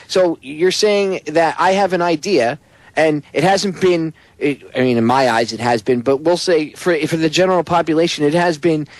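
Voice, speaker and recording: A man's voice: on the high side, no echo, rough recording. A man hosting a talk radio show, ranting in an emphatic, sarcastic and profane way. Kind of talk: casual talk radio chat.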